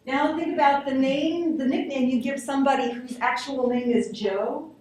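A woman's voice: high-pitched, moderate pace, a little mellow. A woman teaching a linguistics class, explaining ideas and answering student questions. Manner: explanatory, answers questions, repeats examples aloud. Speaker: linguistics instructor. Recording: echoey classroom captured from a distance.

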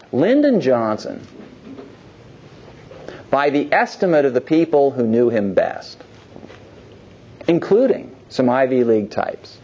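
A man giving a public history lecture, lively and digressive, with wry asides. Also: mid-range voice, husky, lo-fi sound. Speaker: guest lecturer.

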